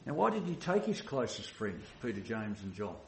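A man's voice: on the low side, big pitch swings, moderate pace, roomy sound, slight background noise. A man preaching a sermon as a pastor in a church, talking earnestly with restarts and many "you know"s.

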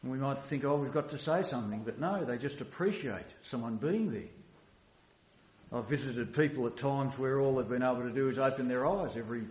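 A man's voice: medium pitch, a little fast, a little mellow, reverberant. A man preaching a sermon as a pastor in a church, talking earnestly with restarts and many "you know"s.

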